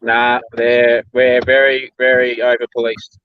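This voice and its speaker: An Australian man chatting easily as a guest and explaining things calmly. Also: medium pitch, unhurried, muffled recording. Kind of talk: casual chat.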